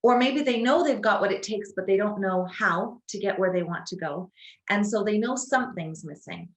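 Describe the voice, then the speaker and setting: A woman at an ordinary pitch explains a coaching program in a lively, persuasive way. Her voice carries the echo of the room. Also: normal speed. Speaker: co-host promoting a coaching program. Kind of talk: casual conversational chat. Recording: echoey room.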